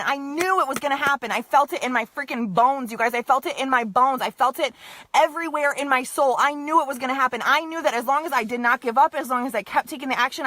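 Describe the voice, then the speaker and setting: A woman's voice: high voice, bright, forceful tone. A young woman leading a sales team, giving an emphatic, repetitive motivational pep talk on a live stream to her viewers. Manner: emphatic, repetitive, keeps saying "you guys" and "okay".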